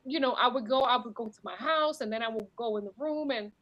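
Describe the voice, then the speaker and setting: A woman's voice: fairly high pitch, quick pace, a bit bright, no room sound, dull audio. Emotional woman, heartfelt and dry. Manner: emotional, repeats herself. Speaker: podcast guest. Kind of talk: heartfelt casual chat.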